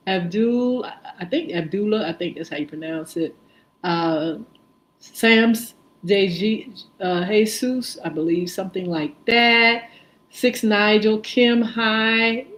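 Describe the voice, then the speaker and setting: Slow-talking woman host, lots of "uh"s. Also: medium pitch, muffled recording. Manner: many filler "uh"s, reads out viewer names and spells them; friendly, upbeat greetings. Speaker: host of a live-streamed morning show. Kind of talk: casual live-stream chat, greeting viewers.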